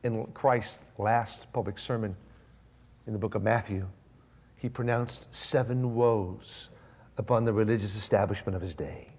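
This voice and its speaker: A man preaching a sermon, swinging between raised, emphatic preaching and hushed, near-whispered lines, with slow, stressed lists. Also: fairly low pitch, fairly even intonation. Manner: slow, emphatic delivery of lists and repeated phrases. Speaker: pastor.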